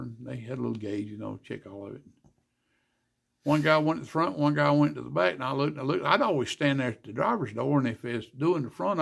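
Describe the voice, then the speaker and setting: An older man, a guest telling racing stories in a folksy, animated way, acting out the dialogue. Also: mid-range voice. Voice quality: gravelly, husky. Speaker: guest, former racer and car builder. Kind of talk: casual storytelling interview.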